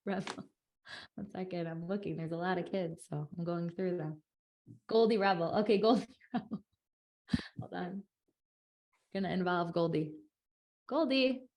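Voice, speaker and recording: A woman's voice: lowish voice, unhurried, long pauses, a little mellow. A woman teacher hosting a video call with children, chatting in a playful, encouraging way. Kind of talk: casual group chat with children.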